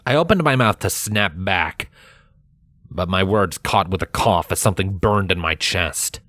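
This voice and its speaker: A man's voice: low voice, animated, measured pace, pushed and bright, no echo. A man steadily narrating a first-person fan story as the reader. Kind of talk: audiobook fanfiction reading.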